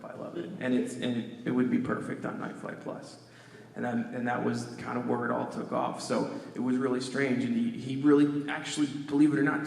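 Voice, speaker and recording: Middle-aged man, gravelly voice, animated casual panel storyteller, echoey convention hall sound. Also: medium pitch. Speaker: panel speaker.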